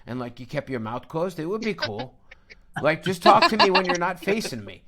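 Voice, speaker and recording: A man's voice: a little high, sing-song, moderate pace, over a noisy crowd. Brash, profane man on a video call. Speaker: crypto trading host. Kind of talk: live video call talk.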